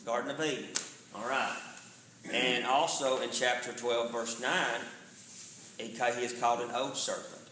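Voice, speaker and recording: A man's voice: mid-range voice, steady tone, normal speed, bright, forceful tone, echoey room, a little hiss or hum, poor audio. Man in his forties teaching scripture. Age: 40s. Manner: conversational, checks in with "all right?". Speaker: pastor. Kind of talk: Bible study teaching. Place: church sanctuary.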